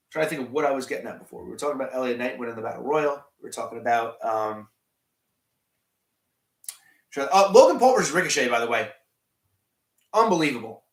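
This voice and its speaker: A man's voice: mid-range voice, reverberant. A man hosting a live stream, chatting casually and rambling as he answers chat, often restarting his sentences. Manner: rambling, many restarts and fillers, reads chat questions aloud.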